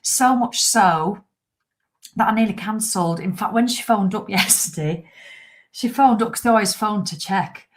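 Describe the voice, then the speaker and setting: A woman's voice: medium pitch, moderate pace. Chatty woman in her fifties. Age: 50s. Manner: chatty, rambling, swears for laughs. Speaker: livestream host. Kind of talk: casual live chat to viewers.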